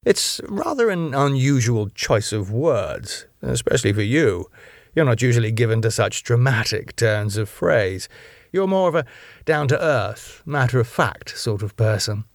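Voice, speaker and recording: A man's voice: mid-range voice, sing-song, measured pace, vocal fry, no echo, clean studio sound. A man voicing a senior male police chief who speaks formally and probes with careful questions. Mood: probing.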